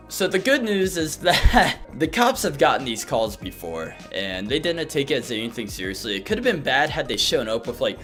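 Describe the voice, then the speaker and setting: A young man in his twenties tells a childhood story in a casual, animated way. His voice swoops widely between low and high as he talks. Faint music plays under him. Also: moderate pace, hardly any pauses. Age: 20s. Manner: animated, dips low and jumps high, laughs between bits. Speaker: vlogger.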